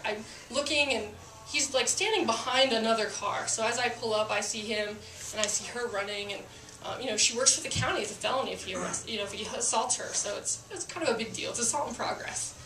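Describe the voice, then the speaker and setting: A woman's voice: fairly high pitch, fast talker, pushed and bright, roomy sound, recorded from a distance, a little hiss or hum. A woman who is a police officer telling a story to a live audience, chatty and self-mocking with lots of fillers.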